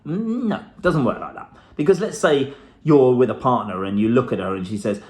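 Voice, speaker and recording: A man's voice: mid-range voice, normal speed, darkish tone. A middle-aged man giving a blunt, profane motivational talk to camera, with the odd laugh. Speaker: self-help vlogger.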